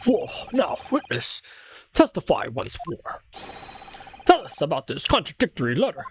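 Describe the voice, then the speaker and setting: A woman voicing a stern, formal male judge, with measured courtroom speech. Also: deep voice, big pitch swings, a little hiss or hum.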